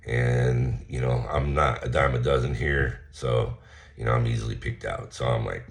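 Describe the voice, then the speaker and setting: A man's voice: rumbling low, normal speed, creaky. A man telling a story about a run-in, in a casual, aggrieved way. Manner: aggrieved, recounting an incident and acting out both sides. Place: small town.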